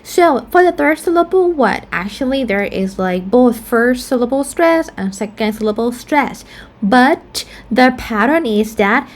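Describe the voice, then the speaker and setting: A woman with a somewhat high voice leads a slow, patient pronunciation lesson. She says each example word twice with deliberate care and drifts into casual fillers as she explains. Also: animated. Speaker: pronunciation teacher.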